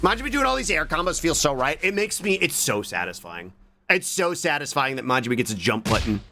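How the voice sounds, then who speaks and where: A man's voice: a little high, very animated, a little fast, sharp tone, a little hiss or hum. A young man streaming a video game, chatting casually with goofy, absurd quips and repeated silly noises, game music behind. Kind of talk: casual gameplay commentary.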